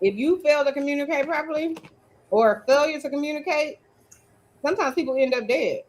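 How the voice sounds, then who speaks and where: A woman in a casual podcast chat, chatty, acting out little snatches of voices. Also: sits high. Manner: chatty, quick to act out voices.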